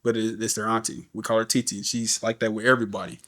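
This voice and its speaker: A man's voice: lowish voice, level tone, fast talker, sharp tone. A middle-aged man, a guest on a podcast, tells an emotional story in loose, slangy everyday talk. He keeps dropping "you know what I'm saying" and acts out the voices of the people in the story.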